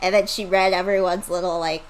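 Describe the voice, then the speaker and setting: A woman co-hosting a casual chat show, giggly and animated as she gushes. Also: fairly low pitch, fairly quick, a little hiss or hum, rough recording. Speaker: podcast co-host.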